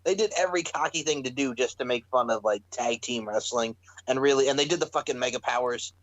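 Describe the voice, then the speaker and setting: A man hosting a wrestling podcast in animated, profane, casual chat, laughing often as he talks. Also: medium pitch, fast talker, rough recording. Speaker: podcast host.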